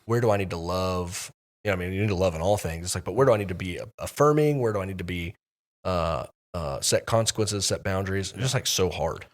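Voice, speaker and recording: A man with a low voice chats casually on a church podcast. He talks in halting stretches, circling back and restarting as he works through an idea. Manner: hesitant, many restarts and fillers. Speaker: pastor and podcast co-host.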